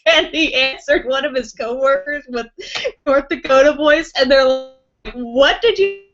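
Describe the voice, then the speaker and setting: A chatty young woman hosts a live beauty stream from home, her fairly high voice bubbling with giggles as she greets viewers. The audio is muffled and lo-fi, like a webcam mic. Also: fairly even intonation, measured pace, a little hiss or hum. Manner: chatty, giggly, reacts brightly to viewer names. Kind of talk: casual live-stream chat, reading viewer comments.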